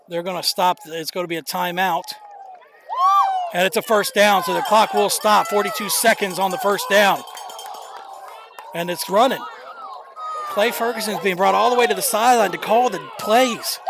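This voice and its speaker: A young man calling a live high school football game as play-by-play commentator, excitable, openly nervous and rooting for his team. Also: normal speed, creaky, pauses often, crowd noise. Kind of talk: live local sports commentary. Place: outdoor stadium bleachers. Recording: noisy outdoor stadium stream.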